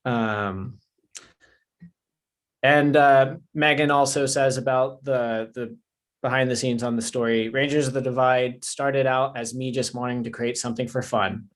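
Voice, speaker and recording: A man's voice: medium pitch, moderate pace. A man with a mid-range voice, co-hosting a casual livestream. He reads out comic blurbs at an easy pace. The chat around him is loose and friendly. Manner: relaxed, reads blurbs aloud. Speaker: comics publisher staff co-host.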